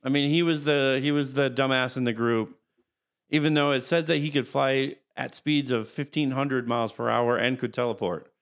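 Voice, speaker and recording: A man co-hosting a casual podcast chat, talking in a halting, rambling way and reading out character facts. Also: medium pitch, steady tone. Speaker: podcast co-host.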